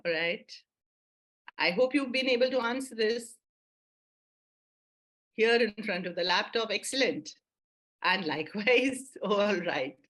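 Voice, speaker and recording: A woman's voice: mid-range voice, animated, a little slow, pauses often, fairly bright tone. Upbeat woman coaching teachers. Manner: upbeat, encouraging, full of praise. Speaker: mindfulness coach leading a workshop for teachers. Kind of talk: online workshop presentation.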